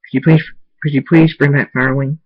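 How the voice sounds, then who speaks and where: A man's voice: on the high side, little pitch movement, a little fast, husky, dry recording, highs cut off, pitched above the performer's own voice. A man voicing a young filly daughter who coaxes her father sweetly. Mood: pleading. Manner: coaxing and sweet.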